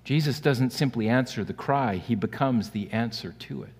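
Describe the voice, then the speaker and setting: A man preaching a sermon earnestly, swinging between loud emphatic peaks and quiet, hushed lows. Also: moderate pace, breathy edge. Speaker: pastor. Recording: long hall reverb.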